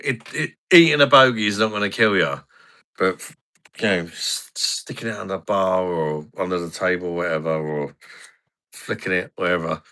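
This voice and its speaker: A man's voice: sits low, normal speed, pushed and bright. A man hosting a casual live stream, reading viewer comments aloud with blunt, crude banter. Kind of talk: casual pub-style live stream chat.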